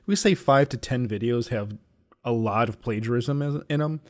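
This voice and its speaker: A man's voice: medium pitch, moderate pace. A young man co-hosting a casual chat, rambling with restarts and blunt, profane opinions.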